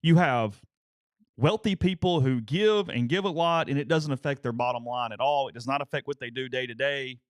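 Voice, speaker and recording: A man co-hosting a sports podcast who talks in an animated way and slips into mocking voices when he quotes people. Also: medium pitch, moderate pace, clean tone, no echo, studio quality. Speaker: podcast co-host. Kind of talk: casual sports talk.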